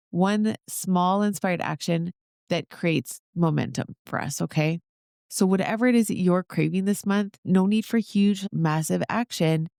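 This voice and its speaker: A woman's voice: on the low side, gravelly, darkish tone, no echo, clean studio sound. A woman hosting her own podcast, talking straight to her listeners in an upbeat, encouraging way. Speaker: podcast host. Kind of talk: solo motivational podcast talk.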